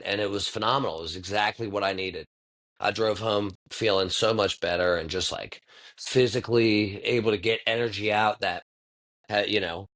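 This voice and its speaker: A man's voice: on the low side, a bit bright. A man in his thirties hosting a podcast, talking in a rambling, laid-back way, reflective and full of profanity. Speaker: podcast host. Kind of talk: casual monologue.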